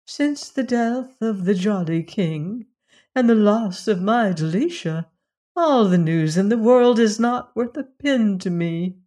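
A woman's voice: mid-range voice, expressive, takes it slowly, warm tone. A woman voicing a sighing older queen. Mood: sorrowful. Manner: sighing and earnest. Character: grieving older queen, sorrowful then resolute.

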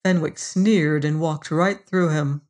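A measured audiobook narrator who takes the story at a slow, unhurried pace. The pitch sits in an ordinary middle range, and the delivery stays even and deliberate. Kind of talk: audiobook reading.

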